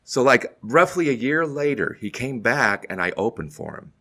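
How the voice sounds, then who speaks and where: A man's voice: mid-range voice, moderate pace. A middle-aged man, a comedian guest, telling a story casually and acting out the quotes as he goes. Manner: animated anecdote teller, acts out quotes.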